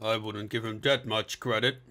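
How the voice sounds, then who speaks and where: A man voicing a middle-aged plump police inspector who talks in a deadpan, sardonic way in a steampunk audiobook. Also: mid-range voice, normal speed, lightly acted. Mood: dry. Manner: deadpan, mumbling.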